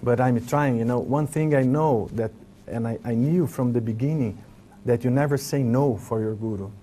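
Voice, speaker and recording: A man with an Italian accent, speaking English as a second language, telling memories in a relaxed conversation and often restarting as he searches for words. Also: mid-range voice, normal speed, a little hiss or hum. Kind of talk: casual reminiscing conversation.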